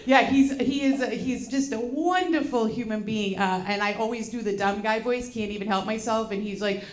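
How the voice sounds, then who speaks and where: Brash, high-voiced woman doing stand-up. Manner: brash, profane and loud, quick to laugh. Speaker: stand-up comedian. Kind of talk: stand-up comedy set. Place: comedy show with laughing audience. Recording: echoey live venue with loud background noise.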